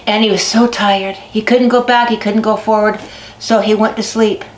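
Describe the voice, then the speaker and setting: A woman telling animal folk tales to children, lively and dramatic, stretching words for effect. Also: mid-range voice, moderate pace, a little hiss or hum. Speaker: storyteller. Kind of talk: storytelling to children. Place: basket making barn. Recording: echoey barn recording.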